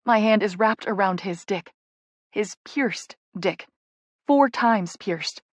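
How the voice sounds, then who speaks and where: A woman's voice: medium pitch, expressive, takes it slowly, dry recording. A woman narrating a first-person romance audiobook in an intimate, playful way, on a close studio mic.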